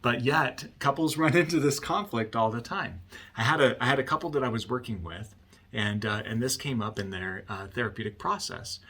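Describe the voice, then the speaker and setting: Gravelly-voiced male counselor, conversational. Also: mid-range voice, normal speed, sharp tone. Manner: conversational, often asks "right?". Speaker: marriage counselor. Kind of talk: explaining with a client story.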